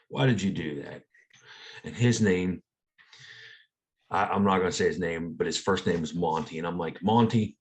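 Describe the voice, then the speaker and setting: A man with an American accent, a veteran guest, telling stories casually in a laid-back, shrugging way. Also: low-pitched. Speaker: guest, Air Force veteran. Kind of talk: casual storytelling.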